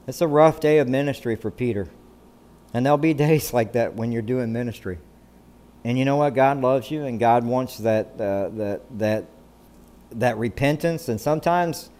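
A middle-aged pastor delivers a conversational sermon in a medium-pitched, somewhat dark voice. He keeps checking in with "right?" and frequently restarts his sentences.

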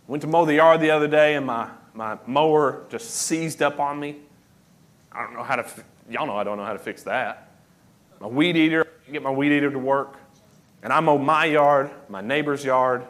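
A man's voice: medium pitch, normal speed, long pauses. A man in his thirties, an associate pastor, preaching a sermon in a church, moving from casual, self-deprecating stories to emphatic preaching. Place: church sanctuary.

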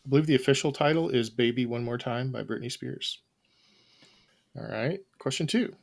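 Brief: male trivia host, dry, mid-pitched, reads questions plainly. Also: moderate pace, vocal fry. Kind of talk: casual podcast quiz hosting.

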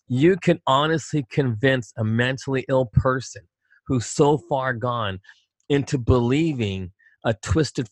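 A man's voice: mid-range voice, a bit bright, no room sound. A middle-aged man co-hosting a casual political talk show, talking emphatically with rhetorical questions and repeats.

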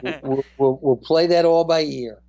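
Man, New Jersey accent, mellow voice, halting, lots of fillers, dull lo-fi sound. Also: a little high. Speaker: guest, hotel representative. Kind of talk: casual interview.

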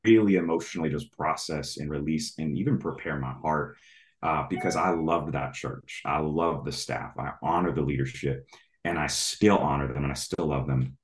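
A low-voiced man in his thirties shares his personal faith journey in a storytelling way. He often leaps into animated, high-pitched retellings of his own reactions. The recording has a noticeable room echo. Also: moderate pace. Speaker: traveling evangelist. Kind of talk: testimony storytelling.

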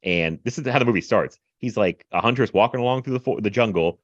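Guy rambling about a movie on a podcast, animated, lots of likes and laughs, kinda muffled dry sound. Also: lowish voice, quick pace, no room sound. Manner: animated, filler-heavy retelling with laughs and mimicry. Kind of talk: casual film review chat.

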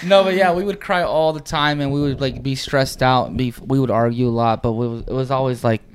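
A man's voice: medium pitch, a little fast. A young man, a dance crew member, telling stories in a casual chat with lots of "like" fillers. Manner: animated storyteller, frequent "like" fillers.

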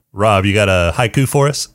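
A man hosting a casual podcast chat, steering with short questions. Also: fairly low pitch. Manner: brief, moderating questions. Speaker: podcast host.

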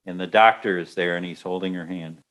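A man telling a story aloud in a lively way, acting out the voices. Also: low-pitched, brisk. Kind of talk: telling an anecdote.

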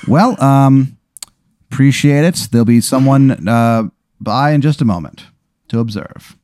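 A brisk but hesitant corporate woman pitching an odd offer, as a man puts her on. The voice sits above his own and stumbles through fillers. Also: a little mellow, no echo, studio quality, close to an everyday voice. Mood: businesslike. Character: brisk businesslike woman making an offer over the phone.

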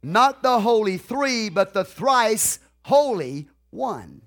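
A man preaching a sermon, repeating key phrases in a drawn-out, deliberate way and putting questions to the congregation. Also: sits high, big pitch swings, fairly bright tone.

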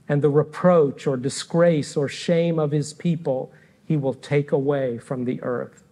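A middle-aged man preaching a sermon as pastor, speaking earnestly and deliberately with frequent pauses between phrases. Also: a little high, fairly even intonation, warm tone, husky. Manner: earnest and reflective.

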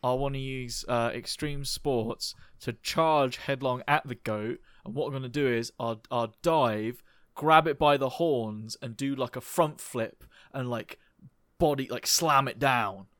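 A man's voice: medium pitch, unhurried, a bit bright. A man playing a comedy tabletop game, eagerly explaining rules and his plans. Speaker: player. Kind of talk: casual tabletop game play.

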